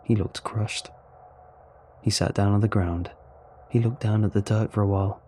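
A man narrating a first-person science fiction story in a steady, even manner. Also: lowish voice, normal speed, pauses often, slight background noise. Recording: faint music underneath.

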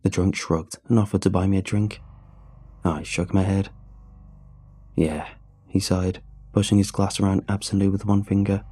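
A man giving a measured, somber first-person horror story narration. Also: low voice, flat delivery, mellow, breathy edge. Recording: faint music bed under voice.

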